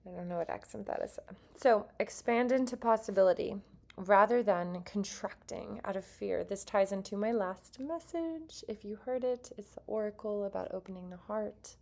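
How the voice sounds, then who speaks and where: A woman reads tarot cards for an online audience, mixing passages from her card book with her own chatty, earnest asides. Her voice sits at a middling pitch with a noticeable gravelly fry running through it. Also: moderate pace, a little mellow. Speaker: tarot reader. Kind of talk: casual tarot reading to viewers.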